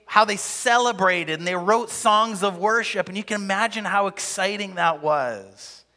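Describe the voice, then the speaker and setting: Bright-voiced preacher in an echoing hall. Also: male voice, a little high. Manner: casual, energetic, rhetorical questions. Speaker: pastor. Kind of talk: conversational sermon.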